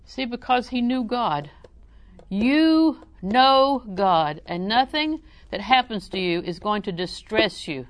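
A middle-aged woman preaching a sermon in a folksy, humorous way, often chuckling and breaking into loud acted exclamations. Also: medium pitch, expressive, normal speed, hardly any pauses.

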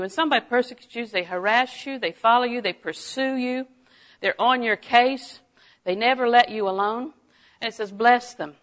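A middle-aged woman delivers a folksy sermon full of personal stories. She talks in an animated way, laughing often and dropping her voice to a hush for asides. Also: on the high side, poor audio. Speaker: preacher.

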